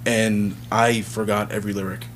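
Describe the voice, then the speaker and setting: A man's voice: on the low side, normal speed, a little hiss or hum. A man who sings and writes songs for a band, chatting casually in an interview and acting out quotes as he tells stories. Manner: relaxed, rambling storyteller, acts out quotes. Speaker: band singer and songwriter.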